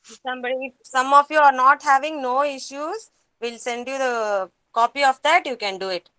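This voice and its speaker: A woman teaching a kindergarten class over a video call, patient and slow, repeating each word for the children. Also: high-pitched, sharp tone, clear, resonant tone, no room sound.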